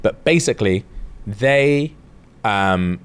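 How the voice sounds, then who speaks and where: A man's voice: fairly low pitch, expressive, slow pace, clear, resonant tone. A young man, casually retelling a story on a podcast and acting out the characters' lines with slang and swearing. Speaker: podcast co-host.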